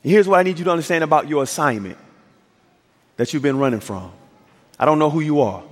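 A man's voice: a little high, brisk. A male pastor preaching a sermon, telling a story with acted-out dialogue and building to emphatic peaks. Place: church sanctuary. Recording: reverberant church hall.

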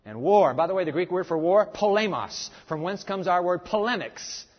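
A male preacher delivers a sermon in a high, lively voice, pressing hard on some words and dropping low on others. The recording is dull and lo-fi, with a long echo from a big hall. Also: normal speed. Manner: dramatic, emphatic, with big swings in loudness. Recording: echoey hall, dull lo-fi sound.

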